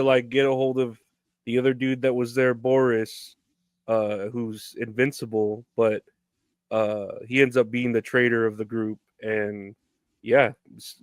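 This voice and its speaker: A man's voice: mid-range voice, clear, resonant tone, no echo. A man in his thirties co-hosting a podcast, casually recapping in a laid-back, loose way. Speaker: podcast co-host.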